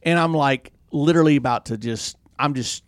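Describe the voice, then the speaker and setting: A man's voice: mid-range voice, normal speed, dry recording. Man with a dry close voice. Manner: storytelling, animated when excited, swears freely. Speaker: podcast co-host. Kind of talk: casual chat.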